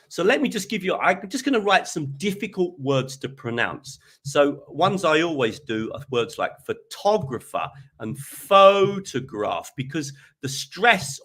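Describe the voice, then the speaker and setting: A man's voice: fairly high pitch, fairly bright tone, slightly rough. A man giving an online teaching presentation while sharing his screen, chatty and often checking in with "okay?". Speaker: teacher trainer presenting a webinar.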